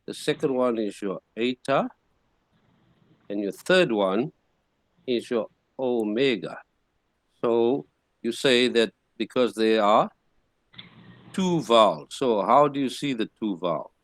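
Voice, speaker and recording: A man teaches a class at an unhurried pace. He explains patiently, restarting his sentences as he works through each point. His voice is mid-pitched, and the sound is dry and close. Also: expressive, no echo. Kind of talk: classroom lecture.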